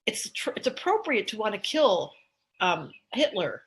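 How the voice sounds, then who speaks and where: A woman's voice: mid-range voice, very animated, a little slow, low-quality recording. An older woman, an astrologer, talking casually and animatedly on a live stream, laughing often. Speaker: astrologer host.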